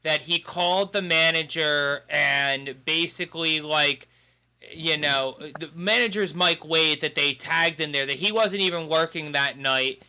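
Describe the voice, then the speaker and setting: A man's voice: on the high side, unhurried, sharp tone, clear, resonant tone. A man co-hosting a podcast, recapping in casual talk. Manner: summarizing, conversational. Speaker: podcast co-host.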